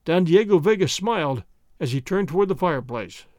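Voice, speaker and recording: A man narrating a classic adventure story in a theatrical, expressive manner. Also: a little high, brisk, no room sound, clean studio sound. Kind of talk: scripted audiobook narration.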